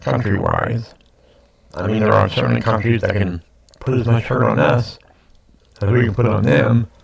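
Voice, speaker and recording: A gravelly, slightly rough, fairly low voice at a moderate pace belongs to an older vlogger sniffling through congested sinuses. Talking into his computer webcam at home late at night, he rambles, says things more than once, and makes self-deprecating asides.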